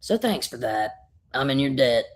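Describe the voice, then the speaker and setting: A cocky condemned outlaw, as a woman acts him out, unrepentant and flippant to the end. His voice sits low, and he drawls his words offhandedly, as if nothing could bother him. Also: sing-song, normal speed, heavily acted.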